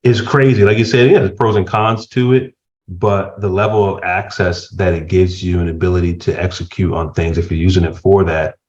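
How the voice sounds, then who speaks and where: A middle-aged man chatting casually as a podcast guest, telling stories with laughter and lively voice swings. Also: low-pitched, fairly quick. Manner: animated storyteller, laughs while telling stories. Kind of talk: casual chat. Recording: dull lo-fi sound.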